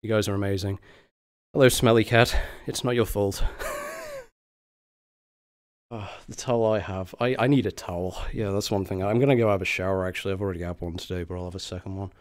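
A young man with a slightly low voice, winded and tired after exertion. He chats loosely on a live stream, sighing and catching his breath between words. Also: steady tone, brisk. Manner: breathless, sighing, grateful and laughing. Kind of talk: casual live-stream chat.

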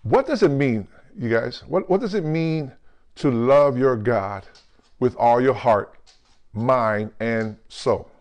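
A male pastor in the middle of a sermon, speaking at an ordinary mid-range pitch. He keeps checking in with the congregation through quick asides and throws in jokes. When he quotes scripture he slows right down and leans on each key word. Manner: calls out to the congregation with questions like "right?" and "come on"; lively, jokey preaching.

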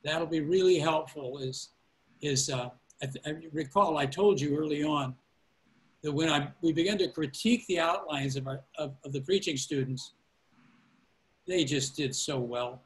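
A man's voice: fairly high pitch, normal speed, poor audio. A man, a pastor, teaching a class on preaching over a call, giving earnest fatherly counsel and often restarting his sentences. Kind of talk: informal teaching on a video call.

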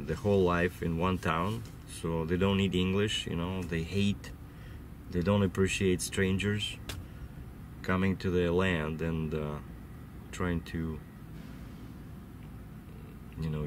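Speaking a little slowly in a low, fairly even voice, this trucker rambles through a casual vlog story from his truck cab while nursing a cold and runny nose. He fills his talk with false starts and filler words, over a faint hiss or hum.

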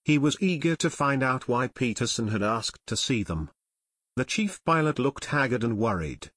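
A man's voice: mid-range voice, lively intonation, normal speed, fairly bright tone, husky, dry recording. Dry, close male audiobook narrator.

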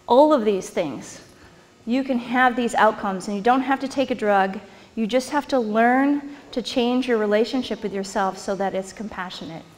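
A woman presenting to a live audience in a conversational lecture style, chuckling and putting questions to the listeners. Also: a little high. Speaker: workshop presenter. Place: hall or meeting room with an audience. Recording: long hall reverb.

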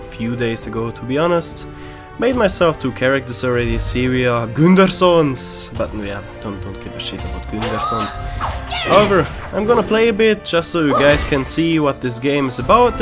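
A young man with a German accent, hosting a gaming channel and ranting with frequent swearing as he waits in a queue. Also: medium pitch. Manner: swearing, exasperated outbursts. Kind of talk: ranting gameplay commentary.

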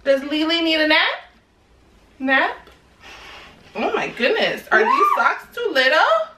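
A woman's voice: sits high, sing-song, slow, bright, forceful tone. A young woman, a mother and family vlogger, gushing at her daughter in playful, teasing baby talk at home. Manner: gushing, sing-song, teasing. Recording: echoey room, camera at a distance.

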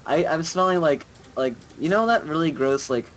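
A man's voice: fairly high pitch, expressive, moderate pace, dull audio, a little hiss or hum. A young man hosting a game stream in casual chat, rambling and profane, full of fillers. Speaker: streamer host.

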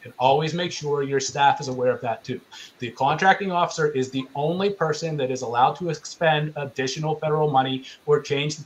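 A man's voice: fairly high pitch, slight background noise, poor audio. Earnest man teaching a webinar class. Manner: earnest, emphatic, conversational teaching. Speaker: small business procurement specialist presenting. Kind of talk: online webinar presentation.

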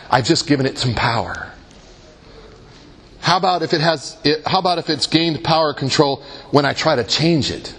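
A man's voice: on the high side, lively intonation, moderate pace, a bit bright, breathy edge. A man leading a Christian workshop in a conversational way, often asking his listeners rhetorical questions and making jokes at his own expense. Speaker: workshop leader.

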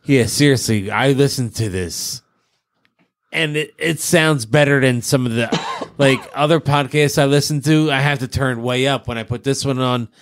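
Rambling podcast co-host, dry sound. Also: male voice, medium pitch, normal speed, no room sound. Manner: rambling, repeats himself, restarts. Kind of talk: casual chat.

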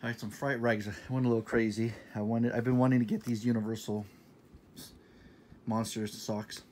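A man in his thirties talking casually in a shopping haul vlog, enthusiastic and repetitive, sometimes dropping to a soft half-whisper. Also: mid-range voice, little pitch movement, fairly quick, slight background noise. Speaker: vlogger showing a shopping haul.

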